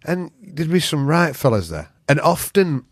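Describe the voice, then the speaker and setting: A man from the north of England, with a Yorkshire accent, is a podcast guest telling a long, casual story. He swears freely and animatedly acts out what people said, in a fairly high voice at normal speed over a dry recording.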